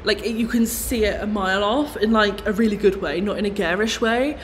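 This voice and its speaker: A man hosting a live stream, chatting in a bubbly way with quick asides. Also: high voice, a bit bright, long reverb tail, a little hiss or hum. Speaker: host.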